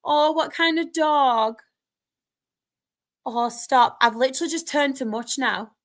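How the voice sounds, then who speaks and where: A young Northern English woman hosting a live stream, chatting casually and reading out comments, excitable with quick laughs. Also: sits high.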